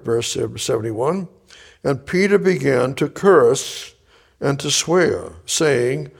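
A man preaching, reading scripture verse by verse and explaining it, moving between loud emphatic bursts and hushed quiet passages. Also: fairly high pitch, gravelly, slightly rough. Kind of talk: verse-by-verse Bible teaching.

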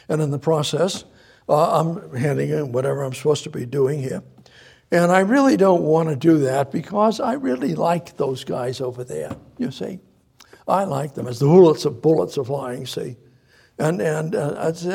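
A man preaching a sermon, halting and repeating himself, firing off rhetorical questions. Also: a little high, lively intonation, gravelly, darkish tone, husky.

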